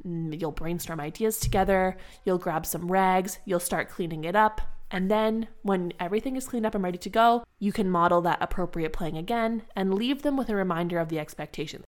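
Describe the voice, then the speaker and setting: A young adult woman, an early childhood educator, giving a calm, encouraging teaching talk to other educators in a conversational way. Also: on the low side, fairly quick, hardly any pauses.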